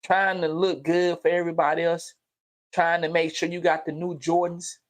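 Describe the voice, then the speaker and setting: A man hosting a livestream and giving an unscripted motivational monologue, blunt and profane, repeating phrases and swinging from low murmurs to loud outbursts. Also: little pitch movement, normal speed. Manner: blunt, preachy, profane street slang. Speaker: livestream host. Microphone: streaming mic.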